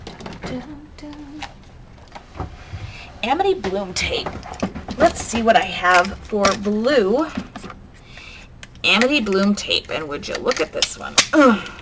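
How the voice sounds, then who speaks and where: A woman hosting a crafting vlog, chatting casually and humming and muttering to herself as she works. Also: mid-range voice. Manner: chatty, hums and mutters to herself while working. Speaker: crafting channel host. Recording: noticeable background noise.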